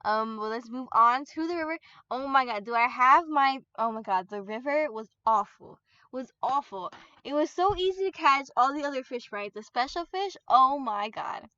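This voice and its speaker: A woman with a fairly high voice chats casually over her gameplay, rambling and laughing as she gets excited. The sound is dry and a little muffled, like a basic home microphone. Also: moderate pace, clear, resonant tone, no echo. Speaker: gaming YouTuber.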